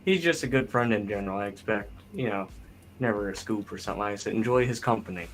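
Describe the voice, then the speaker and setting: A man's voice: fairly low pitch, fast talker. Laid-back man hosting a stream, faint music. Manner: laid-back, hesitant with uhs. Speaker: stream host.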